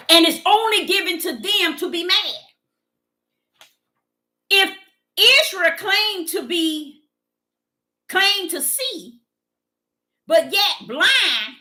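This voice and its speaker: Woman preaching hard, high bright voice jumping all over, repeats herself in rhythm. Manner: fervent, rhythmic and repetitive, swings between loud and soft. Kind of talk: impassioned preaching monologue.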